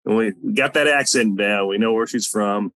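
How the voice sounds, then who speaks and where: Over a video call without a headset, a man hosts a casual podcast chat, rambling loosely with fillers and jokey asides. His voice is on the low side and fairly bright, at normal speed; the audio is poor though free of echo.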